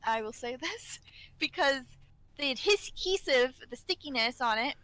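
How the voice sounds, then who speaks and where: A woman's voice: high voice, expressive, moderate pace, pushed and bright, dry recording, low-quality recording. A woman co-hosting a casual podcast, telling a work story and laughing often as she talks. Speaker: podcast co-host, care worker.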